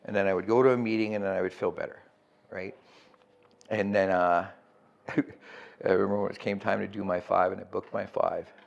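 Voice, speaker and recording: A man's voice: deep voice, level tone, fairly quick, vocal fry, pauses often, muffled recording. A middle-aged man telling his recovery story as a guest, candid and profane, often checking in with "right?".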